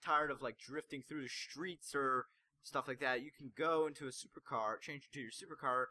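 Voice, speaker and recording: A man's voice: mid-range voice, moderate pace, bright, forceful tone. A man making a casual gaming video, rambling through his suggestions with many fillers and sometimes losing his train of thought.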